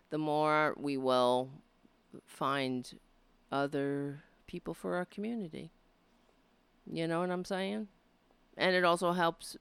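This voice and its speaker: A woman hosting her own show, rambling and rallying her supporters with a hoarse, cracking voice. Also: fairly low pitch, dry recording. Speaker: livestream show host. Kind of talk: casual livestream chat.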